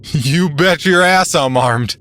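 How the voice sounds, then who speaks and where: A man voicing a demented, barricaded man who taunts and laughs, his voice shrill and frantic. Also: slow, bright, forceful tone, soft background music. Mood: defiant.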